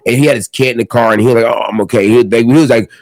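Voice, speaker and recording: A young man talking loosely as a podcast guest. He rambles, restarts his sentences and swears casually. His voice sits at an everyday middle pitch. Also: very fast, darkish tone, dry recording. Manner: rambling, many fillers and restarts, swears freely. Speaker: guest, gym owner and fighter.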